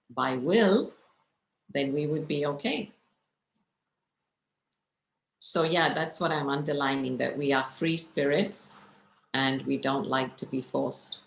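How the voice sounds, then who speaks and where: A woman's voice: low-pitched, vocal fry, fairly bright tone, roomy sound, a little hiss or hum, poor audio. A woman meditation teacher giving a spiritual class, telling stories and asking her listeners rhetorical questions.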